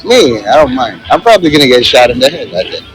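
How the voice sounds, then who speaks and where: Rambling and joking with many fillers, a street vlogger talks quickly into his handheld phone on an outdoor city plaza. His medium-pitched voice swings widely in pitch during this casual walking commentary, and faint music sits behind a rough recording.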